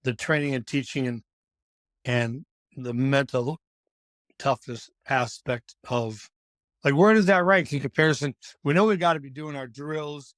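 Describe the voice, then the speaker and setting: A man's voice: mid-range voice, measured pace, fairly bright tone, dry recording. A man hosting a podcast, putting loose, rambling questions to his guest about coaching. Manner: loose, filler-heavy questioning. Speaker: podcast host, coach trainer. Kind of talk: casual podcast interview.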